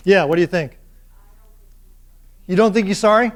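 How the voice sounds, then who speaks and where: A male university lecturer giving a classroom lecture in an animated way, putting questions to his students. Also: high-pitched, normal speed, pauses often.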